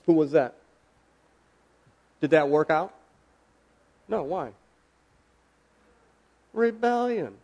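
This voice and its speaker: A man's voice: a little high, darkish tone. Conversational man preaching a casual sermon. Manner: conversational, asks the audience questions, slows for emphasis.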